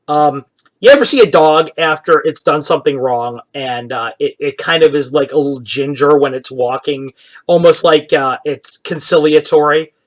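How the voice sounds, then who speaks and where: A man narrating a tabletop game as dungeon master, in a relaxed, rambling way full of fillers. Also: on the high side, moderate pace.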